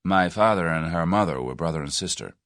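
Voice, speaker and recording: A man's voice: low voice, expressive, a little fast, dry recording, clean studio sound. Brash American in his thirties, pushy and direct, voiced by the narrator, American accent. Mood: forceful. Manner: forceful, blunt.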